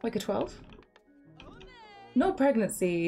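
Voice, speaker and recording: A woman's voice: a little high, sing-song, unhurried, gravelly, long pauses, mellow, soft background music. A woman streamer chatting in a teasing way as she comments on her life-sim game.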